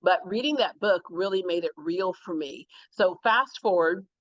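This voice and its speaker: Animated woman telling interview stories. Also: on the low side, normal speed, dry recording, highs cut off. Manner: animated, acts out quotes in different voices. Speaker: guest, TV talk show host. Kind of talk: storytelling interview chat.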